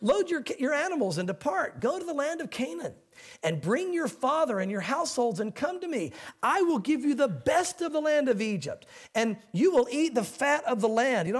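A middle-aged man preaching a sermon as a pastor, talking in a relaxed, folksy way. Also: very high-pitched, normal speed, slightly rough. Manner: conversational, folksy preaching with quoted voices.

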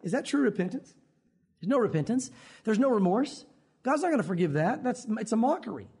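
A man preaches with a high, somewhat husky voice. He keeps it conversational and animated, slipping into little acted-out quotes as he goes. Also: fairly quick. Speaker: pastor. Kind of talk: sermon.

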